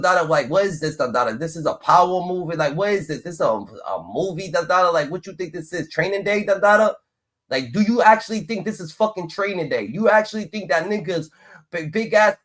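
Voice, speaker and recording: A man's voice: on the high side, a bit bright. A man hosting a livestream, ranting in rambling casual commentary and filling his talk with "dun dun dun". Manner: rambling, swears often, uses "dun dun dun" filler. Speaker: livestream host.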